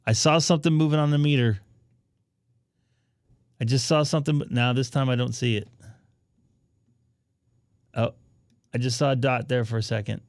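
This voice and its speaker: A man's voice: mid-range voice, fairly even intonation, normal speed, long pauses, no room sound, studio quality. Chatty man hosting a ham radio stream. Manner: chatty, troubleshooting aloud while talking to viewers. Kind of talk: casual live stream chat.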